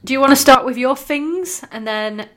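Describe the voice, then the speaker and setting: A woman's voice: high-pitched, normal speed. A woman co-hosting a casual chat, teasing and blunt as she prompts her partner. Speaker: podcast co-host.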